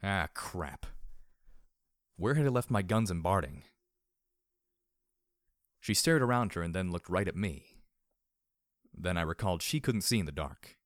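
A man narrates a first-person audiobook at a steady, measured pace. His voice is very deep. The recording is dry, with no room sound at all. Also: dry recording.

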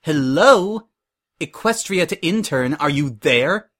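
A man's voice: fairly high pitch, expressive, moderate pace, fairly bright tone. A man voicing a rude, bossy young female pony designer with a scoffing manner. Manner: scoffing, demanding.

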